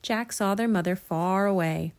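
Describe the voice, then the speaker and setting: A woman narrating a children's storybook in an expressive, lilting way. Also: medium pitch, moderate pace. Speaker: audiobook narrator.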